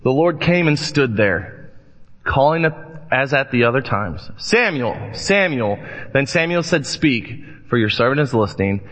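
A man preaching a sermon, reading scripture and telling lively anecdotes as he acts out voices in the stories. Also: mid-range voice, a little slow. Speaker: pastor. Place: church sanctuary. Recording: long church reverb, dull lo-fi sound.

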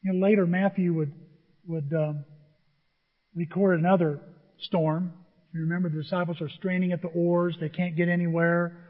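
A man preaching a sermon as pastor, swinging between loud declarations and quiet asides. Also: sits high, little pitch movement, moderate pace. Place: church sanctuary. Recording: dull echoey sanctuary sound.

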